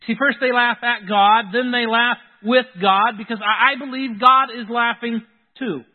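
In a large hall, a male pastor preaches an earnest sermon in a voice pitched high for a man, returning to key phrases to drive them home. His intonation is fairly even and his pace normal, but the audio sounds thin and tinny, like a phone line.

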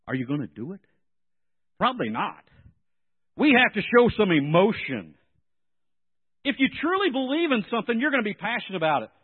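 A man preaching a sermon in an animated way, swinging between soft and loud. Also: high voice, a little fast, pauses often, husky. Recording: tinny phone-like sound.

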